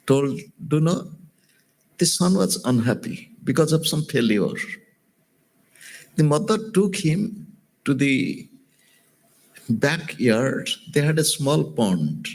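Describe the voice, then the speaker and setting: A man with an Indian accent, a spiritual teacher giving a sermon, telling stories gently and repeating lines, asking listeners direct questions. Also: a little high, sing-song, slow, long pauses. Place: lecture hall.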